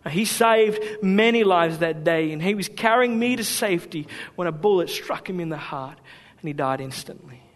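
High-voiced preacher man in echoing hall. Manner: dramatic, swings from hushed to emphatic. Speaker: pastor. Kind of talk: sermon with storytelling. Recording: long hall reverb.

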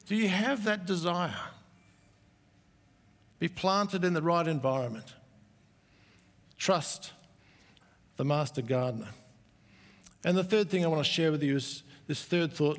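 A middle-aged man preaching a sermon, earnest, slowing down to stress key words. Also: on the high side. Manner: earnest, slow emphatic stresses with warm asides. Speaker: pastor. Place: church auditorium. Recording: echoey church hall.

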